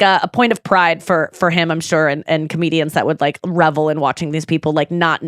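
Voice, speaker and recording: Woman podcast host, mid-pitched, lively swearing storyteller, dry recording. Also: no room sound. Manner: animated storyteller, swears freely, acts out quotes. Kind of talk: casual chat.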